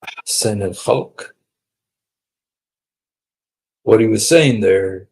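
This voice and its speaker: Male preacher, gravelly and breathy, polemical and sarcastic, loud bursts then quiet asides. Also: fairly low pitch, measured pace, long pauses. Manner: emphatic and mocking, swings between loud and quiet. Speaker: preacher on a streamed show. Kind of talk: polemical religious talk.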